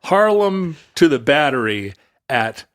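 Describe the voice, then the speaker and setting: A man co-hosting a podcast, bantering in an animated, wry way. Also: a little high, slow, dry recording, studio quality. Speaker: podcast co-host. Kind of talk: casual chat.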